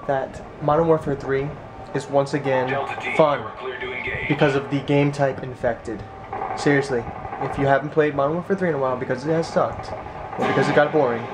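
A young man chatting casually in a daily vlog, goofy and excitable, filming himself on a handheld camera as he goes about his day. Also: mid-range voice. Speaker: daily vlogger. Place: on the go, in a car and at work. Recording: noisy background.

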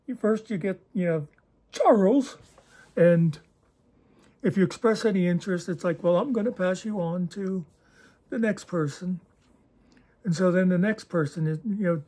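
A man's voice: high-pitched, darkish tone. A man hosting his own channel, talking in a casual, digressive monologue with a wry, self-deprecating humor. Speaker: channel host.

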